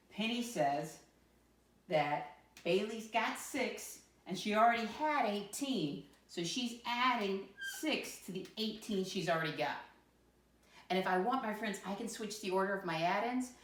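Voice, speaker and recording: A woman teacher leading a first-grade lesson, encouraging and spelling words out slowly letter by letter. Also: mid-range voice, animated, slight background noise. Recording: echoey room, voice from a distance.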